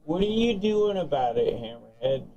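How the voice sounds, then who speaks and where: A man's voice: fairly high pitch, sing-song, moderate pace, warm tone, distant mic, lo-fi sound. A man talking over CB radio, heated and profane, taunting another operator again and again. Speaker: CB radio caller.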